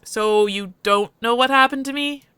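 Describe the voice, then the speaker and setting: A woman voicing a confused, sarcastic young human man with no memory, flustered and quick to snap. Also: on the high side, bright, forceful tone, smooth, no echo.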